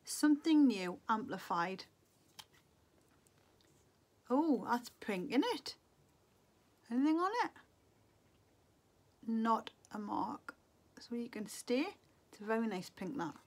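A woman's voice: on the high side, lively intonation, slow, pauses often. A middle-aged woman from England, chatting to camera as a beauty vlogger, muttering to herself in a wistful, casual way. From Northeast England.

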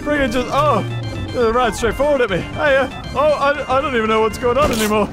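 A man giving excitable gameplay commentary, laughing often and yelping at jump scares. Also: very high-pitched, brisk, music in the background. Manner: excitable, laughs a lot, yelps and shouts at scares. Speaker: gaming YouTuber.

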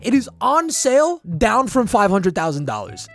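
A man's voice: extremely high pitch, wildly swooping pitch, a little fast, faint music behind. A man hosting a price-guessing game on a live stream, brash and profane, joking with chat. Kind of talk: casual live-stream banter.

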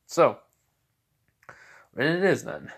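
A man's voice: mid-range voice, huge pitch swings, takes it slowly, gravelly, slightly rough, exaggerated voice. A man voicing a cocky young male ninja hero in a casual, offhand way, close to his own voice.

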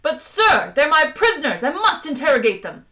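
A woman's voice: very high-pitched, lively intonation, fairly quick, pitched above the performer's own voice, exaggerated voice. A woman voicing a furious, officious male officer who squeals and bellows his lines. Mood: insistent. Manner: yelling, squealing, hissing.

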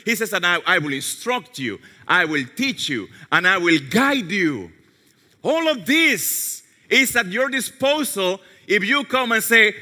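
A male pastor preaching a sermon, telling a story and dropping softly into quoted prayers. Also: high voice, big pitch swings, unhurried. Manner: storytelling, drops to soft tones for quoted prayers. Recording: long hall reverb.

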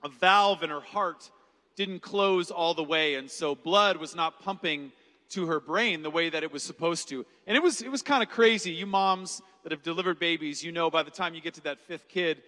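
A man's voice: on the high side, moderate pace. A man in his forties giving a conference keynote, telling a personal story with jokes and acted-out quotes. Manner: animated, jokey storyteller who acts out quotes. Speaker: keynote speaker. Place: large conference hall. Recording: reverberant hall.

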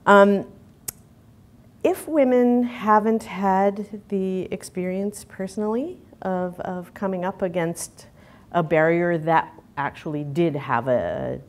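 A woman's voice: deep voice, darkish tone. A middle-aged woman, giving a candid conference talk full of fillers and restarts. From Canada. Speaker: conference speaker.

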